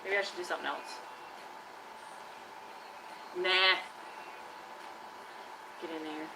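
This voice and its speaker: A woman's voice: fairly low pitch, steady tone, slow, noisy background. A woman chatting casually on a live stream from her workshop, teasing and scolding her trash can like a buddy. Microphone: live-stream camera mic.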